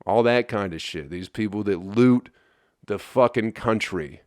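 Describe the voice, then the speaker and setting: Brief: hungover male podcast host from Flint, Michigan, profane exasperated rant, low-pitched, close and dry. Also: unhurried, no room sound. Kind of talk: solo rambling podcast rant.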